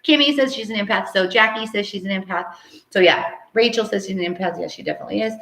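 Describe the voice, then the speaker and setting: A woman talks casually to her live viewers, laughing often and calling out their comments as she teaches. Her voice sits at an ordinary middle pitch. The room adds a noticeable echo. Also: fast, gravelly, a bit bright. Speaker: live stream host and spiritual teacher. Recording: roomy echo.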